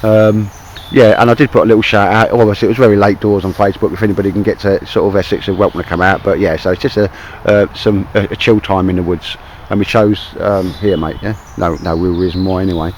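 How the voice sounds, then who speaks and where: A man's voice: deep voice, fairly even intonation, fast talker, few pauses, slight background noise, rough recording. A man with a Cockney accent chatting casually to camera outdoors in a wet wood, rambling and calling his mate "mate". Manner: rambling, chummy, keeps saying "mate". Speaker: outdoor vlogger.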